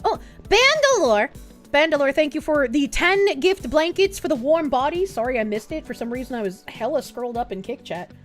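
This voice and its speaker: A woman streamer chatting casually with her viewers, swearing freely and thinking out loud as she reads their messages. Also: high voice, expressive, a little fast, hardly any pauses, faint music behind. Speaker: live streamer reading chat.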